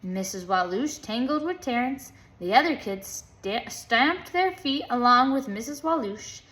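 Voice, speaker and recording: A woman reading a children's book aloud in a lively, playful way, chanting the rhythm sounds. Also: fairly high pitch, measured pace. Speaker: storybook reader.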